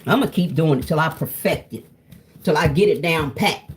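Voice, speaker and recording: With a deep voice and a moderate pace, this woman keeps up easygoing vlog chatter while cooking. She's a cooking vlogger who addresses her audience as "y'all."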